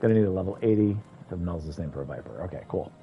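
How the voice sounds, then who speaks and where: A man's voice: low-pitched, lively intonation, rapid-fire, creaky, highs cut off, soft background music. A man streaming a video game, chatting casually and thinking aloud as he rambles through it. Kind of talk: casual gameplay commentary.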